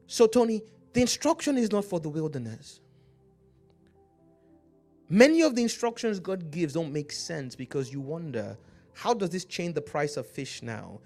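Male preacher with an African accent, slightly higher voice, emphatic sermon delivery, faint music bed behind. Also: lively intonation, darkish tone. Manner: emphatic preaching, slows to read scripture, calls out to the congregation. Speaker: pastor.

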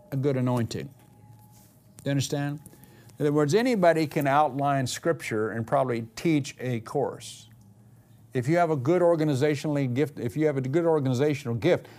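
A male preacher delivering a sermon in an easygoing, conversational manner. His voice sits at an ordinary middle pitch. He often repeats himself and pauses to search for the right word. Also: a little mellow.

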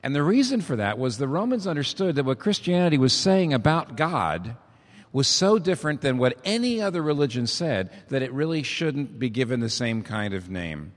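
A man's voice: mid-range voice, very animated, normal speed. A man preaching a sermon as pastor, with an emphatic, rising and falling preaching cadence. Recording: echoey hall reverb.

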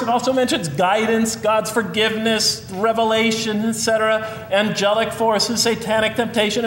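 A man's voice: sits high, a little hiss or hum. A man lecturing in a reverberant hall. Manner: earnest, rhetorical, counting off points. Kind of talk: public lecture.

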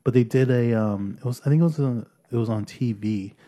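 A man's voice: medium pitch, brisk, warm tone. Man co-hosting a casual podcast. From Canada. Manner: rambling, hesitant with many fillers. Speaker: podcast co-host. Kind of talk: casual chat.

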